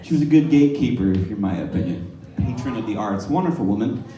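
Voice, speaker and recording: A man's voice: fairly low pitch, lively intonation, fast talker, warm tone. A male stand-up comedian telling profane, rambling stories at a bar. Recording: echoey bar from a distance. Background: laughing crowd.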